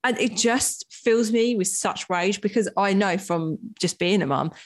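A woman's voice: medium pitch, measured pace. A young woman co-hosting a podcast, venting heatedly in casual chat and swearing. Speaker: podcast co-host.

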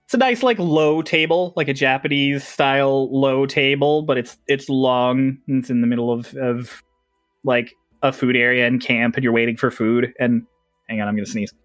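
A man's voice: mid-range voice, moderate pace, dry recording, clean studio sound, faint music behind. A man narrating as game master in a casual tabletop session, laughing often and swearing freely.

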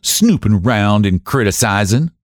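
A man's voice: fairly low pitch, lively intonation, unhurried, dry recording, studio quality. A man voicing a blunt, testy, sturdy middle-aged farm woman in an audiobook.

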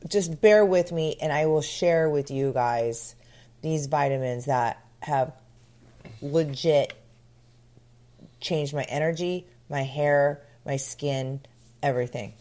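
Middle-aged woman co-host, deep for a woman, breezy and teasing. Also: slow pace, warm tone. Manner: chatty, sarcastic, talks openly about prices. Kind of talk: casual chat.

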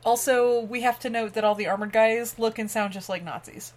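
A woman co-hosting a podcast, chatting about a movie in a lively, blunt way, laughing often. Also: fairly high pitch, brisk. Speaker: podcast co-host. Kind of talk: casual movie recap chat.

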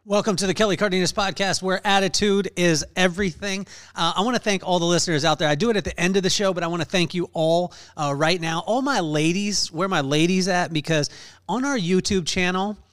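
A man in his forties hosting a podcast, talking in an energetic, casual way with many fillers and restarts. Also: sits high, brisk. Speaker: podcast host. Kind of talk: casual conversational interview.

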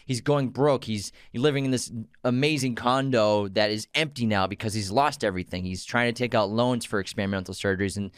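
A man's voice: on the low side, a little fast, few pauses, clean tone, no echo, studio quality. Chatty man hosting a movie podcast. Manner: chatty, eager, laughs easily. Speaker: podcast host. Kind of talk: casual movie podcast chat.

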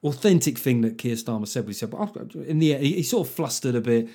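A man hosting a solo comedy podcast, riffing in a chatty, sardonic way with puns and quick mock voices. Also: mid-range voice, animated, mellow.

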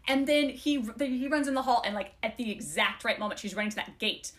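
Bright-voiced excitable woman. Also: fairly high pitch, a little fast. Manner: excitable, reads book quotes aloud, giggly. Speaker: book podcast co-host. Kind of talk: casual chat about a novel.

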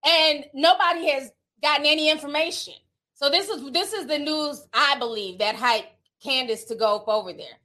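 Sassy, high-voiced woman dishing gossip. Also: moderate pace, pushed and bright. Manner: sassy, slangy, laughing asides. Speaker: commentator, channel host. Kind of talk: casual gossip commentary.

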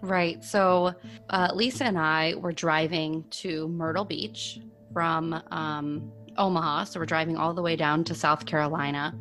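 Woman co-host, somewhat low voice, loose rambling storyteller, faint music behind. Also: fairly even intonation, measured pace, a bit bright. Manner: rambling, frequent "like" fillers. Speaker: podcast co-host. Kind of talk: casual storytelling chat.

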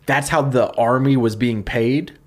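A man co-hosting a comedy podcast, retelling a historical story in a loose, joking way with lots of fillers. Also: medium pitch. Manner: fast, animated retelling with fillers and laughs. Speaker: podcast co-host pitching a story.

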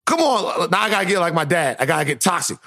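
A man co-hosting a podcast, talking in a playful, teasing way and telling stories with lively energy. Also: fairly high pitch, racing, gravelly. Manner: playful, teasing, animated storytelling. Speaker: podcast co-host. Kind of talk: casual podcast chat.

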